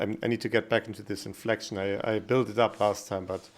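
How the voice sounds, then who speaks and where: A man's voice: lowish voice, fairly even intonation, quick pace, hardly any pauses. A man livestreaming a story game, chatting casually and musing aloud between lines. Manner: chatty, reads dialogue aloud. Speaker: streamer playing a game.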